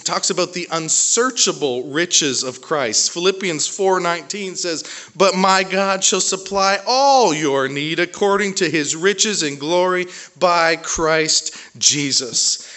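Man, pastor, sermon, bright forceful voice, slightly high, animated, halting restarts.

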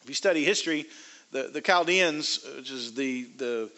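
A man preaching a sermon, reading scripture aloud slowly and emphatically between plain explanations. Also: mid-range voice, bright, forceful tone. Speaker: pastor.

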